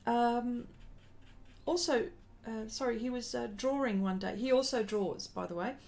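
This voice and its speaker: Chatty woman, slightly high voice. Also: measured pace, darkish tone. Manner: rambling storytelling, stopping to greet viewers. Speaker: artist hosting a live stream. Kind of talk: casual live-stream chat.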